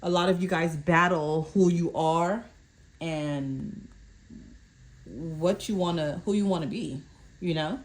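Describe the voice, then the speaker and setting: A tarot reader with a lowish voice speaks slowly during a collective fortune card reading. She reads each card's meaning aloud, sometimes stumbling, and checks in with her viewers again and again with "okay?"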